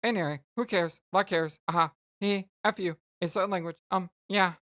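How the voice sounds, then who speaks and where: A let's play host voicing a bubbly, chatty teenage girl who rambles excitedly, reading game dialogue aloud. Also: mid-range voice, moderate pace, pitched above the performer's own voice, lightly acted. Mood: giddy.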